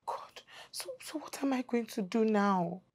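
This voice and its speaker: An actress playing a timid young cleaner with a Nigerian accent, apologetic and pleading in a film drama. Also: female voice, fairly high pitch. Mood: distressed. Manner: pleading, apologetic, fast rushed phrases. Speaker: office cleaner.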